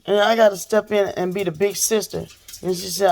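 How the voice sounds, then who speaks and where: Woman, gravelly, casual vlog rant, talks to viewers. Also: medium pitch, a little fast. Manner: animated, talks straight to viewers. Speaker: vlogger. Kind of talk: casual storytime rant to camera.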